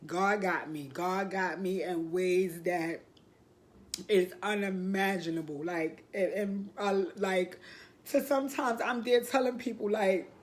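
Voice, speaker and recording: A woman's voice: medium pitch, slow pace. A woman talking casually to the camera in a personal vlog, speaking emotionally and reflectively, near tears. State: tearful. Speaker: vlogger.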